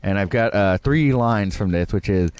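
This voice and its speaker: A man in casual podcast chat, sharing trivia with lively laughs. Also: on the low side, normal speed, clear, resonant tone, no room sound. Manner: animated, laughs while telling trivia. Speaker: guest.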